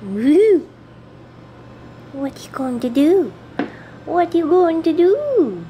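High-voiced woman cooing at her cat. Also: very animated, takes it slowly, dark tone, a little hiss or hum. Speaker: vlogger. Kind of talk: casual talk to a pet cat. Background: cat meowing.

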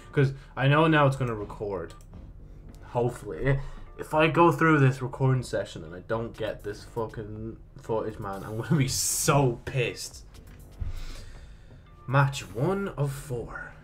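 Young man, gaming commentary, swears a lot, lively pitch, faint music under. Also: moderate pace. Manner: swearing, self-mocking, outbursts of frustration. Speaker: gaming YouTuber. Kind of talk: casual gameplay commentary.

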